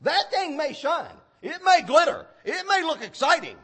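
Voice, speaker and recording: A man preaching a sermon, fervent and with sudden loud emphasis. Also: very high voice, big pitch swings, normal speed.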